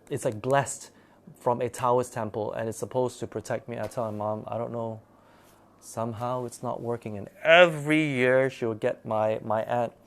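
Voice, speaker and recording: A man telling a personal story in a casual, rambling way, full of fillers and restarts. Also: medium pitch. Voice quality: rambling, filler-heavy delivery with frequent restarts.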